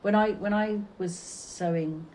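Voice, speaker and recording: A middle-aged British woman, the artist's mother, reminiscing fondly in a relaxed conversation, halting and restarting as she reflects. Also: mid-range voice, slight background noise. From Britain.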